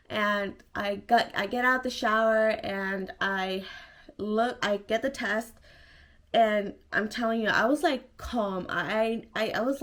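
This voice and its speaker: A woman's voice: medium pitch, a bit bright. Chatty young woman telling a story. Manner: chatty and emotional, many fillers and restarts. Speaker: vlogger. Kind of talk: casual storytelling to camera.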